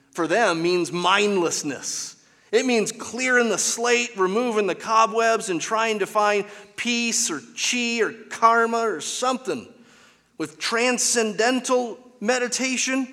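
A man's voice: high-pitched, fairly bright tone, long reverb tail. A man preaching a sermon as pastor, with an emphatic, repetitive cadence, recorded in a church.

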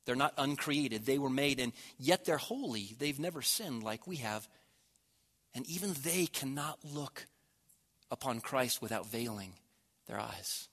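A man preaching a sermon, swelling loud on key words and dropping to a near hush at the ends of phrases. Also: mid-range voice, lively intonation, measured pace, husky.

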